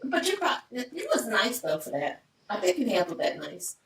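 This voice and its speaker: A woman's voice: mid-range voice, very animated, moderate pace, vocal fry, fairly bright tone. A woman in a casual chat, blunt and frank, with some swearing. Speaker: podcast co-host. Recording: echoey room, mic at a distance.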